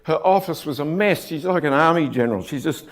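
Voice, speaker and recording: A man with an Australian accent giving a joking, anecdotal conference talk as a building contractor, clearing his throat often and restarting his sentences. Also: on the high side, fairly quick. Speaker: conference speaker, rammed earth contractor.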